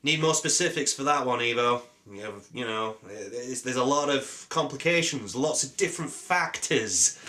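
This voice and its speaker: A young British man with a sore throat and a cold, answering viewer questions in a rambling, jokey, deadpan way with many ums. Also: medium pitch, normal speed, hardly any pauses. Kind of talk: rambling casual Q&A.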